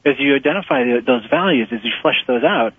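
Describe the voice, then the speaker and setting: A man guest talking through his ideas in an interview, animated and laughing often as he acts out quotes. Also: medium pitch, quick pace, breathy edge, no echo. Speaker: author and nonprofit fundraising guest. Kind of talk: conversational interview answers. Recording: muffled phone-line audio.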